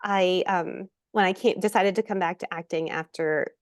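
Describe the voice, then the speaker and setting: A middle-aged American actress, a guest in a casual interview, telling lively stories, acting out quoted voices and laughing often. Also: female voice, lowish voice, moderate pace, no room sound, clean studio sound. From United States.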